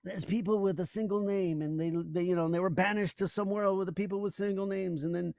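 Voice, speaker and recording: A man putting on a high-strung stand-up comedian who rants in a shrill, nasal squawk, pitched far above a normal speaking voice. He shouts the bit half-turned from the mic, so it comes across a little distant. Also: fairly even intonation, fast talker, vocal fry, no echo, studio quality. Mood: ranting. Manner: ranting.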